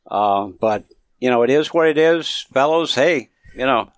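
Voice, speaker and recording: A man co-hosting a podcast in casual chat, reading event listings in a halting way with lots of fillers. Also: medium pitch, expressive, dry recording. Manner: halting, filler-heavy, lots of "you know". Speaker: podcast co-host.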